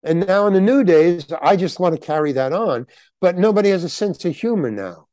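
A man's voice: sits high, expressive, a little fast, warm tone, dry recording. An older man, a guest actor telling rambling anecdotes in a casual interview and acting out the dialogue he quotes.

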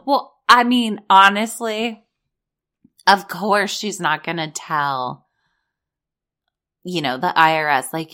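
Blunt, sarcastic woman commentator, lowish voice. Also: fairly even intonation, slow, long pauses, pushed and bright. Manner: blunt, sarcastic, swears freely. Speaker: reality TV commentator. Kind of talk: casual commentary, reading court documents aloud.

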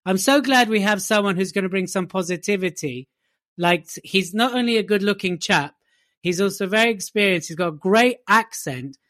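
A man's voice: high-pitched, normal speed, a bit bright, no echo, clean studio sound. A man co-hosting a podcast, teasing and laughing often. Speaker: podcast co-host. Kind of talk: casual chat.

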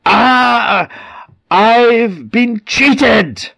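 A man's voice: a bass voice, lively intonation, very slow, darkish tone, no echo, studio quality, heavily acted. An Orcadian storyteller voicing a man possessed by an evil ghost, with a sneering manner. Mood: outraged. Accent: Orcadian Scottish.

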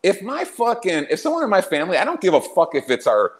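A man's voice: sits high, wildly swooping pitch, quick pace. A man hosting a podcast, ranting in a brash, mocking way and laughing often in casual, profane chat. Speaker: podcast host.

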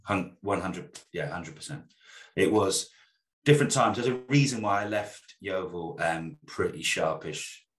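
A man's voice: sits low, a little slow, slight background noise. A man in his thirties from South West England, chatting in a rambling, self-deprecating way on a podcast. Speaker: podcast co-host. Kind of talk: casual chat. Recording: roomy echo.

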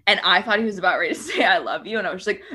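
Husky woman comedian, really lively voice, tells stories and laughs a ton. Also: medium pitch, racing. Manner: animated storytelling, laughs often. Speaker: podcast guest, comedian. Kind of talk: casual chat.

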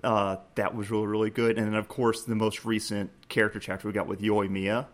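A co-host on a relaxed gaming podcast speaks briskly in a fairly low male voice. Telling a game scene with animated energy, he restarts frequently and voices the prompts, choking up as he laughs.

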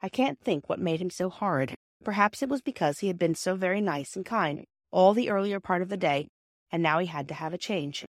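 A woman reading a storybook aloud in a gentle, measured narration. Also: fairly low pitch, expressive, no echo, studio quality. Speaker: audiobook reader.

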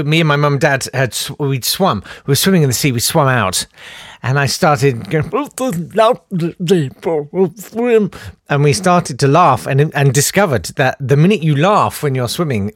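A man's voice: medium pitch, dry recording, clean studio sound. A young man rambling through comic anecdotes, often interrupting himself and laughing at his own stories. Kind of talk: anecdotal storytelling.

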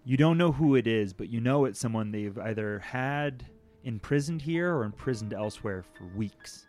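A man running a tabletop game as game master, describing scenes in a relaxed way and laughing easily. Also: medium pitch, normal speed. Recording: faint music under the voice.

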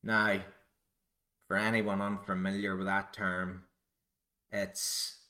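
A Northern Irish man talks through a solo podcast in a rambling, self-deprecating way, wandering from one thought to the next. His voice sits a little low and sounds bright and forceful. He speaks very slowly, taking his time. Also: level tone. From Northern Ireland. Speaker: podcast host. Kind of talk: solo musing podcast monologue.

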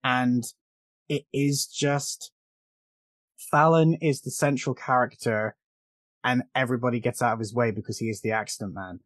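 A British man hosting a podcast, talking casually about a film with quick asides and frequent laughs. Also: medium pitch, steady tone, dry recording. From Britain. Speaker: podcast host.

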